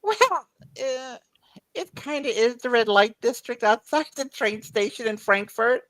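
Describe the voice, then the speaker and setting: Give me a rambling, laughing woman telling travel stories, slightly high voice. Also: animated, measured pace, a bit bright, no echo, poor audio. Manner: rambling, repeats words while recalling, laughs often. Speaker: guest. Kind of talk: casual chat.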